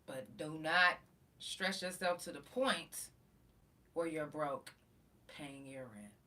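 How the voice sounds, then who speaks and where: A woman podcast host telling a story in a profane, animated way and acting out the quotes. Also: deep voice, slow, far from the mic. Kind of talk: casual storytelling.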